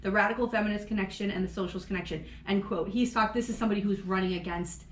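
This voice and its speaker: A woman from Florida co-hosting a casual true-crime podcast, swearing freely and laughing through animated storytelling. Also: medium pitch, racing, reverberant, a little hiss or hum. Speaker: podcast co-host.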